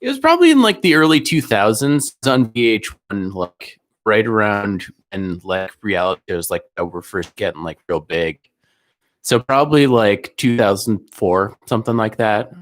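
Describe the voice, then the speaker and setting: A young man co-hosting a podcast, recalling old TV shows in a relaxed, rambling way with frequent chuckles. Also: on the low side, moderate pace. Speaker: podcast co-host. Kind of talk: casual chat.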